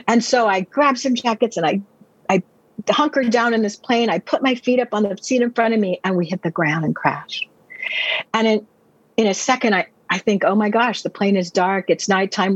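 A woman pastor tells her own testimony in an earnest, vivid way, often restarting her words in a rush. Her voice is husky and a little breathy. The recording is dry and slightly muffled. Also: medium pitch, dry recording. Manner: earnest, vivid storytelling with quick repeated restarts. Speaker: pastor and Bible teacher. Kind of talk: personal testimony storytelling.

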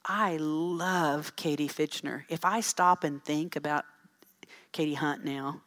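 A middle-aged woman speaking to a church audience, telling folksy, animated stories with asides about parenting. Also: sits low. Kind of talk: storytelling talk to an audience.

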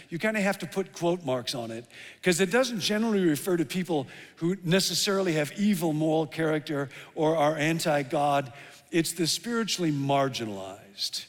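A middle-aged male pastor preaching a sermon, telling stories with lively emphasis that drops to hushed tones. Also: on the high side. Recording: long hall reverb.

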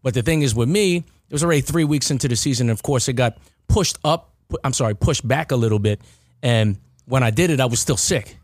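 A man's voice: mid-range voice, fast, no echo, studio quality. A man hosting a casual podcast chat, rambling with restarts and repeated words. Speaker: podcast host.

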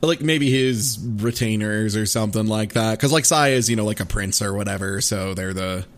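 A man's voice: lowish voice, normal speed. A man co-hosting a podcast, chatting casually and animatedly, with a habit of swearing. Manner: animated, swearing, acts out character lines. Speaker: podcast co-host. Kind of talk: casual chat.

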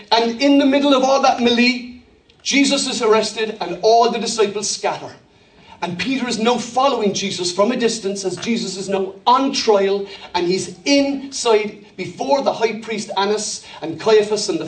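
An Irish man preaching a sermon as pastor, telling a story with emphasis and calling for responses. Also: sits high. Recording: roomy hall, mic at a distance.

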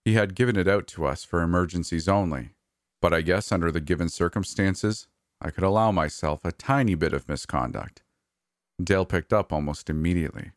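A man with a very deep voice reads a first-person story aloud in a steady, scripted way. The sound is dry and close to the mic. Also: fairly quick, dry recording. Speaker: horror story narrator. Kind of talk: scripted narration.

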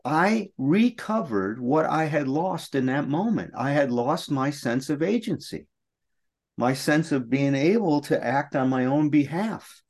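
A man's voice: on the high side, expressive, a little slow, darkish tone. Middle-aged man, earnest, emotional, personal storytelling, recovery podcast.

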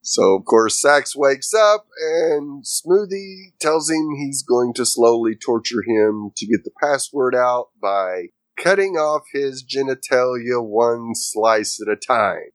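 A co-host speaking slowly in a mid-pitched voice, mostly brief agreements and the odd added detail. The recording is dry and close. Nothing about the delivery is rushed. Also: lively intonation, dry recording. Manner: unhurried, short agreeing replies. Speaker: podcast co-host. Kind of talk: casual recap chat.

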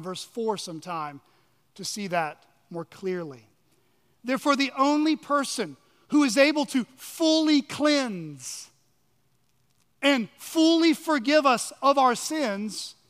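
A man preaching a sermon with emphatic, measured delivery and dramatic pauses, often dropping his voice low for effect. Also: fairly bright tone. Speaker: pastor. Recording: long reverb of a large hall.

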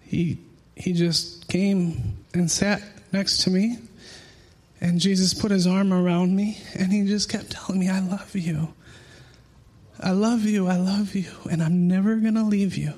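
A man's voice: high voice, steady tone, a little slow, darkish tone. A man in his thirties preaching a sermon, earnest and emotional, mixing personal testimony with scripture in a conversational way. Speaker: pastor.

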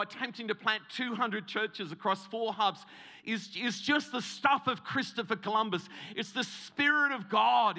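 A man preaching, his voice high and bright. He tells a comic story about himself and stumbles into many restarts. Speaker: guest preacher. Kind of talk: humorous sermon story.

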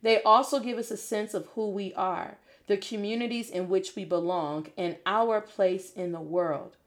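A young woman hosts a lively, casual spoken lesson. She talks in an animated, playful way and scolds with mock outrage. Her pitch sits in a middle range for a woman. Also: moderate pace. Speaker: Spanish teacher and podcast host.

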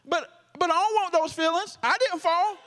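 A man's voice: extremely high pitch, normal speed, fairly bright tone. A man preaching a sermon with a stutter, joking playfully with the congregation. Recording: long hall reverb.

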